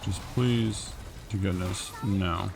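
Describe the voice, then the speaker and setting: Playing a video game on stream, a man lets out casual, exasperated remarks and complains about his teammates. He speaks slowly in a low-pitched, steady, creaky voice over background game music.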